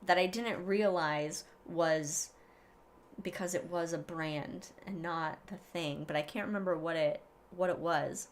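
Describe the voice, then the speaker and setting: A woman's voice: lowish voice, measured pace, slight background noise. Giggly, rambling woman podcast host. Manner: rambling, giggly, lots of restarts and fillers. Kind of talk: casual chat.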